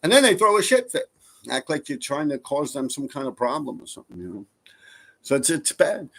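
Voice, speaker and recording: Chatting with viewers on his live stream, a man from New York reads their comments and rambles along, profane and laid-back. He sounds a little high, very animated, fairly quick, and fairly bright.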